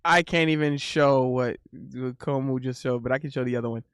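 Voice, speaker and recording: A man's voice: medium pitch, fairly even intonation, fairly quick, fairly bright tone, clean tone, no room sound, studio quality. A man streaming live, bantering casually with his chat, often exclaiming in disbelief and breaking into laughter.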